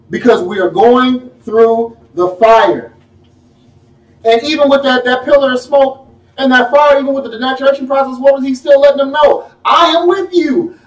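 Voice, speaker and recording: A man preaching a sermon in a folksy, animated way, firing off rhetorical questions at his congregation. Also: extremely high pitch. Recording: echoey room, mic at a distance.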